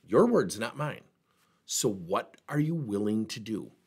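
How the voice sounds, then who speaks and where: A man's voice: fairly low pitch, a little slow, husky. A middle-aged man giving a motivational workplace training talk, telling stories and acting out the dialogue in them. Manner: animated storyteller, plays out dialogue.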